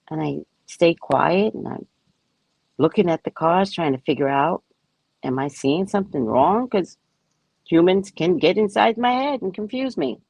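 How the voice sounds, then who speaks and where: A woman's voice: fairly low pitch, lively intonation, measured pace, gravelly, a little mellow, slightly rough, no room sound. A woman psychic reader talking casually to her viewers, emphatic and self-assured. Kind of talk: casual spiritual talk to viewers.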